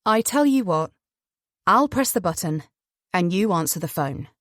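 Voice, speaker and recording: A smug, joking young man, as a woman narrator puts him on, dropping her voice into a wry, offhand drawl. The delivery stays lively in pitch and dry in sound. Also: measured pace, dry recording. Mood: cocky teasing.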